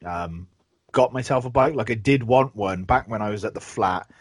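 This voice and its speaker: Husky, sweary man telling stories. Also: on the low side, moderate pace. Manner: swears a lot, rambling storyteller. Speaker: podcast host. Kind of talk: casual chat.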